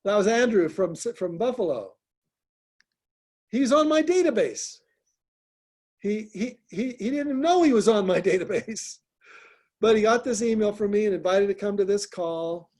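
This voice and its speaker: A man with a notably high voice coaches people on a group call. He talks in a direct, encouraging way and often restarts and repeats his words. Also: lively intonation, a little slow, long pauses, darkish tone. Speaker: host, business coach.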